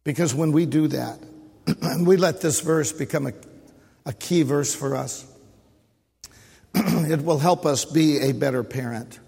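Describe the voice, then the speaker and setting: Husky preacher in a reverberant church. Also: male voice, on the high side, unhurried, pauses often, a little mellow. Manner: preaching with repetition and call-and-response. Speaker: pastor. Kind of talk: sermon. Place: church sanctuary. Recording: long hall reverb.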